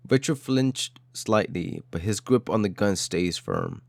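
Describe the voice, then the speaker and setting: Male story narrator, dramatic and clipped; low-pitched, dry sound. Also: huge pitch swings, a little slow, gravelly, no echo.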